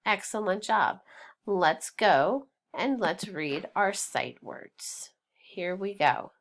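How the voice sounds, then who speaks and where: A woman teaching a phonics lesson to young children, sounding out words slowly and patiently and praising them. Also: mid-range voice, lively intonation. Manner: slow, deliberate, sounding out words syllable by syllable; encouraging, patient.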